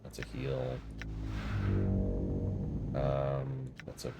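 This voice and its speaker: A man's voice: extremely low pitch, monotone, very slow, vocal fry, over loud music. A man casually playing through a game on stream, chatting and muttering to himself as he reads the dialogue aloud.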